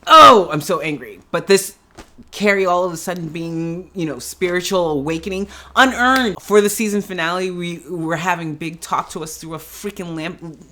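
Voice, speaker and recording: A woman giving a casual, animated reaction review of a TV episode, ranting in exasperation and laughing as she talks. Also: fairly low pitch, moderate pace. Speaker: show reviewer. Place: at home in pajamas.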